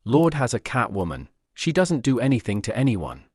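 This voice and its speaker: A man's voice: medium pitch, huge pitch swings, moderate pace, a little mellow, breathy edge, no echo. Dude doing a cheery fearless village girl, teasing, plain dry read.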